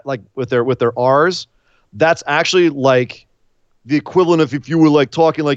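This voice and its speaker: An American man co-hosting a wrestling podcast, talking in a rambling, animated casual chat with many fillers. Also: fairly high pitch, a little fast, no echo, muffled recording. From United States.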